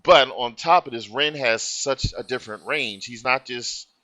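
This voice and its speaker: A man's voice: medium pitch, normal speed, sharp tone. A man co-hosting a music reaction video, insistently arguing his point in casual chat. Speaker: reaction channel co-host. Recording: dull lo-fi sound.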